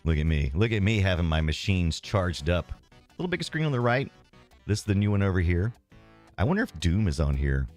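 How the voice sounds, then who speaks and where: A man's voice: sits low, big pitch swings, brisk, a little mellow, soft background music. A man streaming retro games, rambling casually and self-deprecatingly as he reads and answers his chat.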